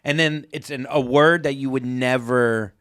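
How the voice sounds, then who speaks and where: A man's voice: fairly even intonation, moderate pace, fairly bright tone, smooth, no room sound, studio quality. Laid-back male podcast co-host. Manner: laid-back, pitches joke ideas. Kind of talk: casual chat.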